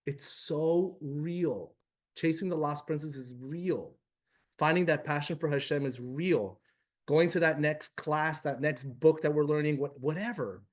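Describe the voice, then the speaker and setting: A man teaches a religious class to people in the room and on a video call, speaking casually, animatedly and with emotion as he addresses his students directly. His voice is a little high and his pace moderate.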